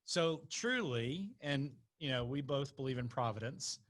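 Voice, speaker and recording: A man from North Carolina, a podcast guest, telling his story in an animated way and laughing as he talks. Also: mid-range voice, moderate pace. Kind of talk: conversational storytelling.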